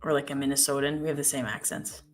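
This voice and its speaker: A woman's voice: a bass voice, steady tone, quick pace, soft background music. A woman co-hosting a live trading stream, chatting casually and thinking aloud as she trades, often correcting herself mid-sentence.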